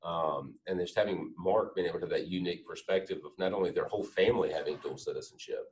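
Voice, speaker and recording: A man's voice: low-pitched, fast, a little mellow, far from the mic, low-quality recording. A man co-hosting a podcast, explaining his thoughts casually with fillers. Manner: explanatory, thinks aloud with fillers. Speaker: podcast co-host. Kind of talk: casual chat.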